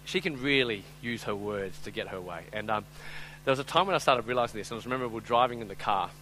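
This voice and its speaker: A man preaching a live sermon, moving between loud, urgent appeals and quiet, chatty storytelling full of fillers. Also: on the low side, fast talker, a little hiss or hum, poor audio. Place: speaking before a live audience.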